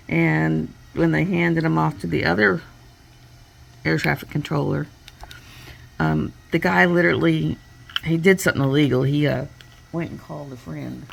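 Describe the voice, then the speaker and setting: A woman's voice: sits low, fairly even intonation, moderate pace, creaky, pauses often, slightly rough. A woman, a crafting vlogger chatting casually and retelling a story with quoted voices at her home workstation.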